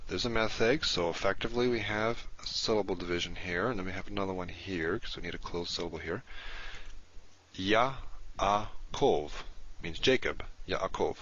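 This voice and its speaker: A man's voice: sits low, fairly bright tone. A man teaching a recorded language lesson, explaining step by step and repeating key terms patiently. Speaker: Hebrew teacher. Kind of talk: recorded lecture. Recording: dull lo-fi recording.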